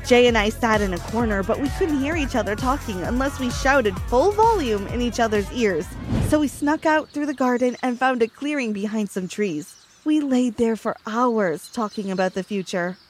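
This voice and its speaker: A young woman with a fairly high voice tells a first-person story, her pitch climbing when she voices the quoted lines. Light music plays behind her the whole time. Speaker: narrator.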